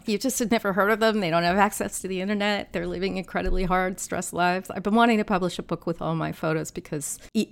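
Lively woman in her sixties. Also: medium pitch, creaky. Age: 60s. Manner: lively storyteller, animated anecdotes. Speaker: guest filmmaker and activist. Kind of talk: casual interview conversation.

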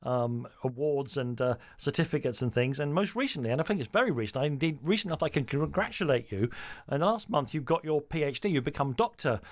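A man's voice: fairly high pitch, expressive, fairly quick, dry recording, studio quality. A man hosting an interview, asking questions with many hesitations and restarts. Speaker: interviewer, radio host. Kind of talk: conversational interview.

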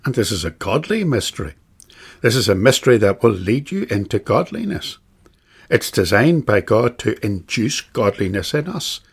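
Husky gravelly guy teaching a bible class, slow and emphatic, repeats lines to hammer a point. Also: lowish voice, very animated. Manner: measured, emphatic, uses repetition for stress. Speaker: catechism teacher.

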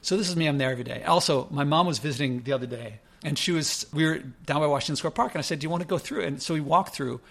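A man's voice: fairly high pitch, fast talker, creaky, hardly any pauses, fairly bright tone. A man casually telling a rambling personal story, often correcting himself mid-sentence. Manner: rambling, self-correcting, conversational.

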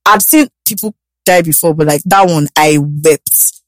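A woman doctor, telling stories in an animated, emphatic way during a casual chat. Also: low voice, unhurried. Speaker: podcast co-host, doctor.

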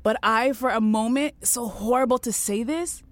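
Animated woman from the Caribbean telling a story. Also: on the high side, moderate pace. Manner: animated storyteller, acts out quoted voices. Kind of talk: casual chat, storytelling.

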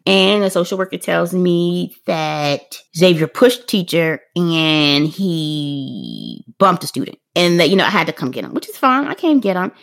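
Animated middle-aged woman telling a story. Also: fairly low pitch, unhurried, vocal fry. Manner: animated, acts out others' lines in dialogue; talks straight to listeners, conversational fillers. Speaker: parent telling her story. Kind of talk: casual podcast storytelling.

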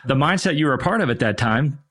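A man hosts a podcast interview, restating what his guest has told him to draw her out. His voice sits at a middle pitch for a man. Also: expressive, fast, fairly bright tone. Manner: summarizing and rephrasing the guest's account. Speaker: podcast host.

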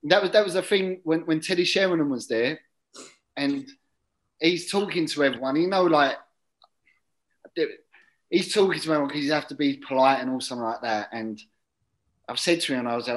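A man telling a long casual anecdote as an interview guest, chatty and drifting into quiet muttered asides. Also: fairly high pitch, fairly quick, poor audio. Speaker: guest, former footballer.

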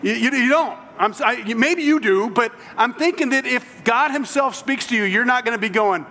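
A man's voice: very high-pitched, normal speed, sharp tone, big-room sound. A man preaching a sermon, telling the story in a conversational way with humorous asides. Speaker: pastor.

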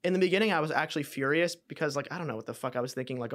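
A man's voice: mid-range voice, very fast, a bit bright. A man from Canada, a comedian guest on a podcast, telling stories in casual, swearing chat. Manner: swearing, storytelling, laughing often.

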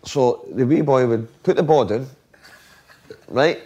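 A Scottish man chatting as a guest. He tells loose, swear-filled anecdotes at a middling pitch, slipping into the voices of the people he quotes. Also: slow pace, warm tone, lo-fi sound. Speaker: former footballer guest. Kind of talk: casual storytelling chat.

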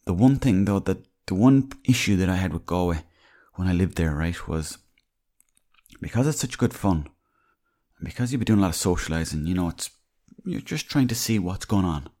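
Deep-voiced Irish man telling rambling stories. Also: animated, normal speed, warm tone. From Ireland. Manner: rambling, anecdotal, salty language. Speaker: podcast host. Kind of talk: casual storytelling monologue.

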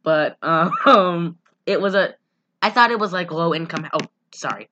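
A woman's voice: lowish voice, unhurried, sharp tone, lo-fi sound, a little hiss or hum. Giggly rambling woman recapping a movie. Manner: giggly, rambling, acts out quotes. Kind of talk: casual chat recapping a movie.

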